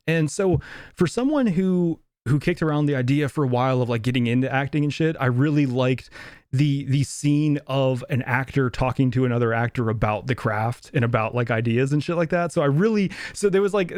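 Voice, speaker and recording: A man's voice: a little high, darkish tone, no echo, studio quality. A young man co-hosting a podcast, chatting casually about a movie, rambling, laughing often and swearing loosely. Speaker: podcast co-host. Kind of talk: casual movie review chat.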